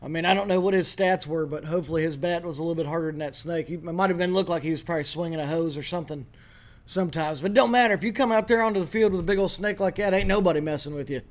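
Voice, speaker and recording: Brash high-voiced male podcast host. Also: very fast. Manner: brash, joking, swears freely. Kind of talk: casual podcast talk.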